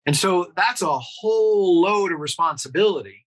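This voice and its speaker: A man's voice: high voice, animated, normal speed, poor audio. A man, a pediatrician guest on an interview, explaining earnestly and asking rhetorical questions.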